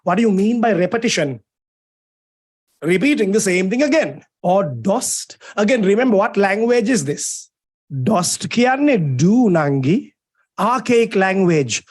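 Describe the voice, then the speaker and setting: A man's voice: high-pitched, animated, measured pace, darkish tone, breathy edge. A young man with a Sri Lankan English accent teaching English literature in an online lecture. He teases students playfully and answers his own questions. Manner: playful, teasing, asks questions and answers them himself. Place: home or classroom, streamed over a video call. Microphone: video call microphone.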